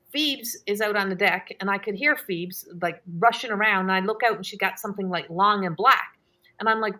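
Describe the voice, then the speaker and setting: A middle-aged woman with a bright, forceful voice hosts a live Q&A. She tells her stories casually and with animation, laughs often, and raises her voice to act out her own shouts. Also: mid-range voice. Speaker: host.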